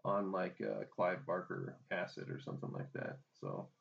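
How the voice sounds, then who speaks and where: A man's voice: sits low, very animated, moderate pace, vocal fry, husky. A man co-hosting a podcast, rambling casually and swearing often. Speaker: podcast co-host. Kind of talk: casual profane chat. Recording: muffled lo-fi audio with faint noise.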